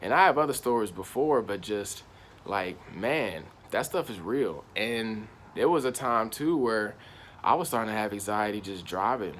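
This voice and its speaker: A man's voice: on the low side, lively intonation, normal speed, a bit bright, slight background noise. A young man casually telling a personal story in slangy, rambling speech. He circles back on himself and keeps repeating "I was like.". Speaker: channel host.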